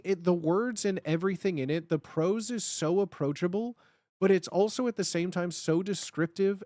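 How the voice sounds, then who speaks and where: A young man talks to his live-stream chat in an excitable, rambling way, tripping over fillers and restarting his sentences. His voice sits a little high. The sound is dry and close, with no room around it. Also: dry recording.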